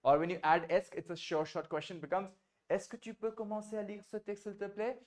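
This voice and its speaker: A man with an Indian English accent teaching a beginner French class over a video call, patient, repeating phrases slowly and switching between French and English. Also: sits high, little pitch movement.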